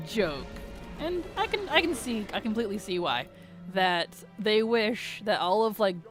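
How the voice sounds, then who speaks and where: A woman streaming a game, chatting casually with viewers, chatty and giggly with animated rants. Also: lowish voice. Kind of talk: casual gameplay chat with viewers.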